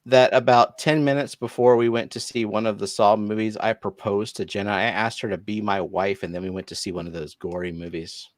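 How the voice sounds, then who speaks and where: Livestream host, male, very low voice, dry sound, offhand and profane. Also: steady tone, a little fast, hardly any pauses, no echo. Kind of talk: casual livestream chat.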